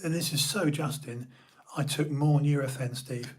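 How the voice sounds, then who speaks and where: A man's voice: mid-range voice, normal speed, a little mellow, husky. A man talking as a podcast guest, telling a personal story earnestly and casually, often repeating himself and calling the host "brother".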